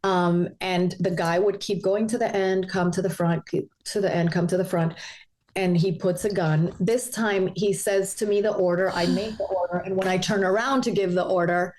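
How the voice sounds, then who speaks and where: Lady, middle aged, animated storytelling on a podcast, acts out all the voices. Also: lowish voice, normal speed. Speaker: podcast guest. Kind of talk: storytelling in casual chat.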